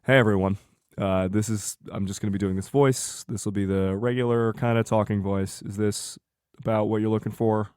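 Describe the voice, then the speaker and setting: A man's voice: fairly low pitch, steady tone, moderate pace, a little mellow, clean tone, no room sound, studio quality. A man doing a casual, offhand voice test for a podcast, loose and swearing a little.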